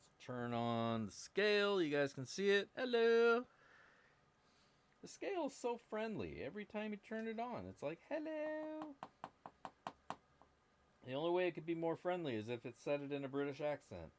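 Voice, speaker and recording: A man's voice: a little high, very animated, brisk. A man hosting a casual live stream, joking and rambling to his viewers while he works at a workbench. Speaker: live-stream host prospecting for gold. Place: indoor workbench.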